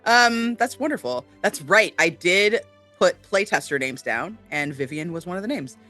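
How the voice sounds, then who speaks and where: A man co-hosting a casual chat, talking earnestly with many fillers as he gives shout-outs. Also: sits high, lively intonation, moderate pace, faint music behind. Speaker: co-host.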